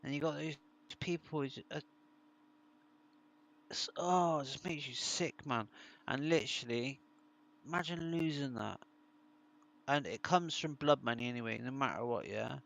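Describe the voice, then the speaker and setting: A man's voice: mid-range voice, normal speed, vocal fry, pauses often, a bit bright. A British man chatting casually to his viewers, telling rambling true stories with plenty of swearing. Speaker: streamer.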